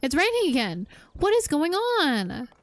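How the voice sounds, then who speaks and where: Woman game streamer, high voice, dry close sound, rambling and self-mocking. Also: wildly swooping pitch, unhurried, no room sound. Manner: chatty, self-deprecating, thinking aloud. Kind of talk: casual gameplay commentary.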